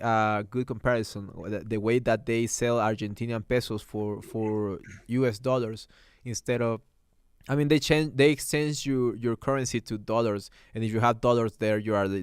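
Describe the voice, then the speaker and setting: A young man hosting a livestream, chatting casually and answering comments in halting English with many restarts. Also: medium pitch, clear, resonant tone, no room sound, clean studio sound. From Mexico. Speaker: livestream host.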